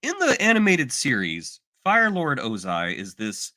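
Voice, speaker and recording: A man co-hosting a podcast in casual, animated chat, exaggerating and slipping into mock voices. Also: mid-range voice, a little slow. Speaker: podcast co-host.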